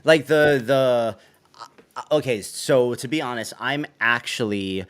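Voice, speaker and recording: A man's voice: medium pitch, a little slow, smooth. A man hosting a casual tech livestream, rambling and correcting himself as he goes. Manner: rambling, self-correcting, soft asides. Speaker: show host. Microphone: webcam setup on a video call.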